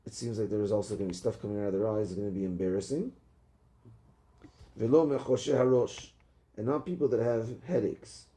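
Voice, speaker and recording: A man, a rabbi, teaching a Talmud class, reading out the text and translating it into casual talk, with many halting restarts. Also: lowish voice, dark tone.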